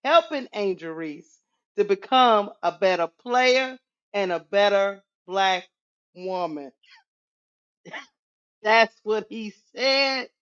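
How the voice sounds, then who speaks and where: Female co-host, slow and mocking, lo-fi sound. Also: medium pitch, fairly bright tone. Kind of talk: casual panel talk. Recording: dull lo-fi sound.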